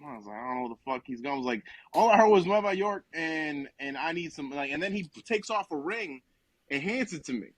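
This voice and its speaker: Animated, profane young man telling a story. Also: on the high side, quick pace, no echo. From New Jersey. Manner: profane, rambling, animated retelling with quoted dialogue. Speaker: podcast co-host telling a story. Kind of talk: casual comedic storytelling.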